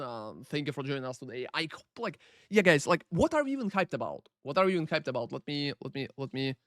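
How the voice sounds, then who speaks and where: A man's voice: on the high side, fairly bright tone, dry recording, clean studio sound. A man hosting a game live stream, chatting loosely and profanely with viewers, full of fillers and greeting them by name. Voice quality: profane, rambling, filler-heavy. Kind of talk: casual live-stream chat. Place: Paris.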